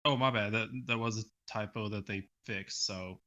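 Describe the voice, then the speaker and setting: A man from the US South, a guest on a casual podcast, animated and asking questions. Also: on the low side, moderate pace, muffled recording.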